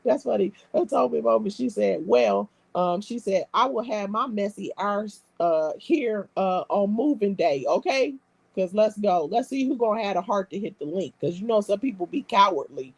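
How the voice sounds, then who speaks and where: This is a woman chatting on a live stream, trading brash, profane banter with her viewers. Her voice has a gravelly, husky grain. The sound is dry and close, with no room echo. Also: mid-range voice, lively intonation, normal speed. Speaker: live stream host reading comments. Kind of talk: casual live-stream chat.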